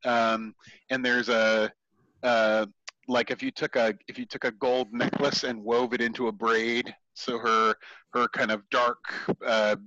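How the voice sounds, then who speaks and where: Brief: a man as game master, improvised halting narration, dry close sound. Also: medium pitch, level tone, sharp tone, dry recording, muffled recording. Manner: halting, full of ums and restarts.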